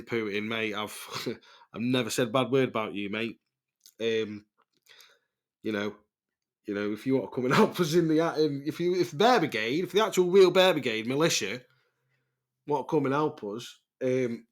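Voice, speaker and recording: A man's voice: medium pitch, normal speed. A middle-aged man with an English accent hosting a podcast in a casual, rambling way, swearing freely and laughing often. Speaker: podcast host.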